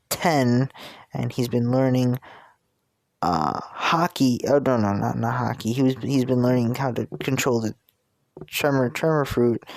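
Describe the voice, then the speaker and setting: A man's voice: medium pitch, vocal fry, a little mellow, dry recording, studio quality. A man with a New Jersey accent telling a fan story in a rambling, casual way with many restarts. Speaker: video creator.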